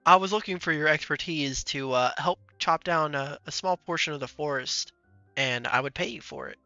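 Bright-voiced playful gaming streamer man. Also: a little high, moderate pace, no echo, highs cut off, soft background music. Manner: playful, laughs often while talking to game characters. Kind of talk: casual gameplay commentary.

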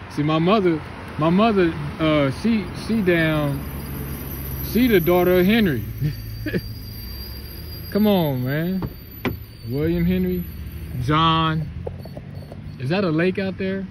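A man, vlogging excitedly and reverently on his family's road, laughing often. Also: high-pitched, slow, pauses often, noisy background. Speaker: vlogger visiting family land. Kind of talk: emotional casual vlog narration.

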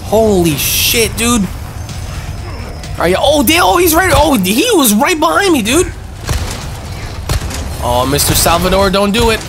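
A man's voice: extremely high pitch, measured pace, pauses often. A man hosting a let's-play, giving casual, slangy commentary and repeating himself as tension builds. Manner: excitable, yelps and repeats himself in tense moments. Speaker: gaming channel host. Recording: game music playing loudly underneath.

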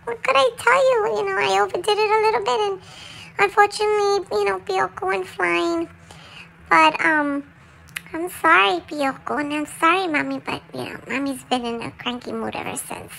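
A woman voicing a small, excitable pet dog, chatting and mixing English with Spanish as it tells its side of the story. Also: very high voice, moderate pace, gravelly, a little hiss or hum, full character voice, low-quality recording. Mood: chatty confessional. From Puerto Rico. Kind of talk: confessional monologue in a dog's voice.

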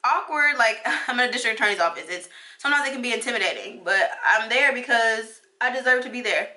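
A woman's voice: on the high side, animated, fast, pushed and bright. A woman in her twenties, a beauty vlogger and law student, chatting casually while getting ready and talking emphatically, repeating phrases to drive her encouragement home. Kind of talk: casual get-ready-with-me chat.

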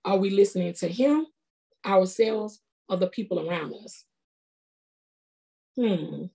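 A woman's voice: mid-range voice, takes it slowly, creaky, dark tone. Woman, middle-aged, sermon, colloquial, earnest. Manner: earnest, conversational preaching with colloquial speech. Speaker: prophetess preaching.

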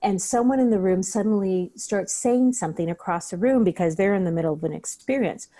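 Mellow-voiced woman teaching breathwork. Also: mid-range voice, brisk. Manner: earnest, acts out her own inner questions. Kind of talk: conversational interview.

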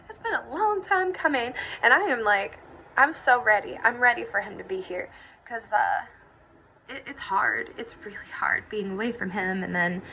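A woman's voice: mid-range voice, gravelly, pushed and bright. A young woman giving a casual, emotional personal update as a vlogger, gushing and teary, with many fillers. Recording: dull lo-fi audio with faint hiss.

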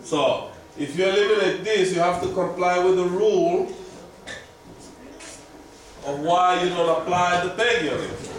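A man's voice: high-pitched, measured pace, long pauses, distant mic. A man teaching a language class, patiently drilling words aloud and quizzing his students. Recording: echoey classroom recorded from afar, background noise.

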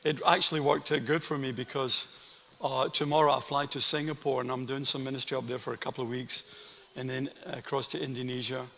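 A man's voice: medium pitch, level tone, fairly quick, vocal fry, slight background noise. An older man with a Scottish accent, a guest pastor telling stories and preaching to a congregation in a large church. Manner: warm storytelling with asides to the congregation. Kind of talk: sermon. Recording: church hall reverb.

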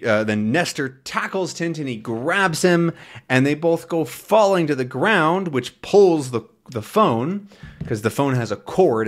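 A man teaching English, slowly explaining a comic to learners in simple, repeated words. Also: mid-range voice. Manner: slow, simple, repetitive explanations.

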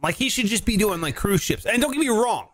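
A man with a high voice rants on a casual talk podcast, swearing freely and getting more worked up as he goes. His delivery is loose and conversational, into a studio mic. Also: a little fast. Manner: profane, animated ranting.

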